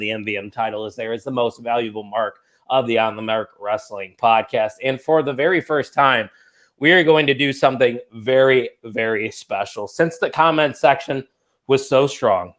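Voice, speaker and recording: A man's voice: medium pitch, a bit bright. A man in his late twenties hosting a podcast, chatting casually, teasing his co-hosts and hyping announcements. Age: 20s. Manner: teasing, hype-man delivery. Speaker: podcast host. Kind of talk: casual chat.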